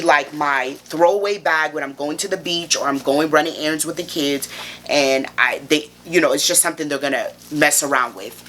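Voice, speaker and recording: A woman's voice: low voice, sharp tone, a little hiss or hum. A woman vlogger in a casual, chatty haul review, gushing and playful as she talks straight to her viewers. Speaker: fashion vlogger.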